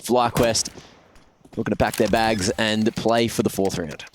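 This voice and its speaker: A man calls esports play in a laid-back manner, chiming in with short quips. Loud game gunfire and clicks run under his voice. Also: lowish voice, steady tone, a little slow, noisy background. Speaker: esports caster. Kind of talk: play-by-play commentary.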